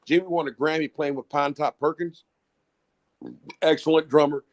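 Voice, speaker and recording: A middle-aged male musician, appearing as a guest, tells long, rambling stories in casual conversation, swearing and restarting often. His voice sits a little high, with fairly even intonation and a normal pace.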